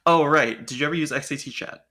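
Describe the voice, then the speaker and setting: A co-player chatting casually during a game stream, halting and giggly. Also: medium pitch, pushed and bright. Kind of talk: casual chat while gaming.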